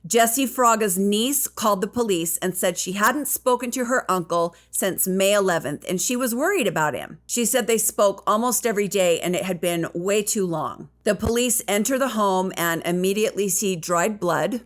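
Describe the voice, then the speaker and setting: Woman host telling a crime story. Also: mid-range voice. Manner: conversational, plain-spoken retelling. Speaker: true crime show host. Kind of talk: casual storytelling narration.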